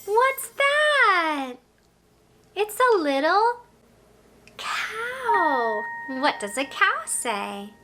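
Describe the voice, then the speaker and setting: A woman hosting a children's show, teaching toddlers in a slow, exaggerated sing-song with drawn-out, encouraging words. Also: extremely high pitch, very animated, a little hiss or hum. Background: loud children's music.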